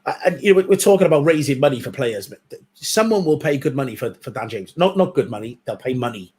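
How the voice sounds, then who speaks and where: A man's voice: mid-range voice, expressive, fast, a little mellow. A man co-hosting a football watchalong, easygoing and agreeable, with some teasing banter. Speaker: watchalong co-host.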